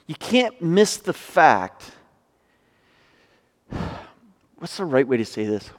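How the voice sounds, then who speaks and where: High-voiced preacher in a reverberant hall. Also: male voice, animated, slow, pauses often. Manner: conversational preaching, reads scripture then paraphrases. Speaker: pastor. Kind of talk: sermon.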